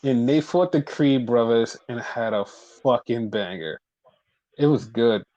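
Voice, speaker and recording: A man co-hosting a podcast, casually recapping wrestling in a profane, animated way. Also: medium pitch, a little slow, dull audio. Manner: profane, animated retelling with put-on quotes. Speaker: podcast co-host.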